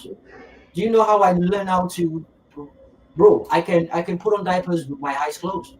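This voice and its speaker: A man hosting a podcast, talking in an emphatic, animated way and swearing for emphasis. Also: high-pitched, a little slow, rough recording. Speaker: podcast host. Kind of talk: casual podcast conversation.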